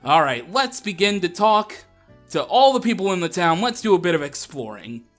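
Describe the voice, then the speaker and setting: A man's voice: high voice, very animated, moderate pace, faint music behind. A young man hosting a Let's Play, chatting casually and laughing as he plays. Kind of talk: casual gameplay commentary.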